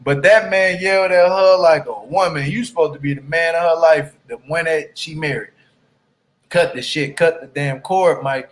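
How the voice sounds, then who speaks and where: A man with a slightly high, steady voice goes over a reality TV episode on his YouTube recap channel. He's blunt and profane in this casual commentary, lengthening words to hammer his points and asking again and again, "you hear me?"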